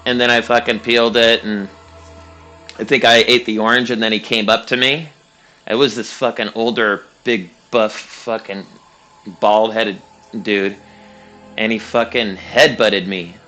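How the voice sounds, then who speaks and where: Young guy streaming, rambly story full of swearing and uhs, bright voice, quiet music behind. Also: on the low side, steady tone, measured pace. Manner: rambling, profane, laughing, with many fillers. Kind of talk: casual storytelling while gaming.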